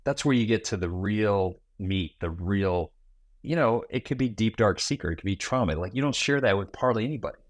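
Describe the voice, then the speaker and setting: A man in his forties, a podcast guest who tells stories in a lively way and acts out small talk in quick asides. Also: fairly low pitch, no room sound. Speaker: guest, founder and keynote speaker. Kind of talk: conversational podcast interview.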